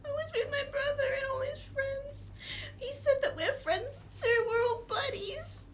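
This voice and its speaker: A woman's voice: extremely high pitch, a little slow, voice pushed up. Woman playing a sobbing little halfling boy. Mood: tearful. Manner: sobbing, stammering apologies. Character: small scared crying halfling boy.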